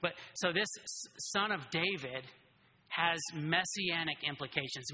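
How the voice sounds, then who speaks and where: A man preaching a casual, animated sermon who keeps checking in with his listeners by asking "right?". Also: high voice. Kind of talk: conversational sermon. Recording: reverberant hall.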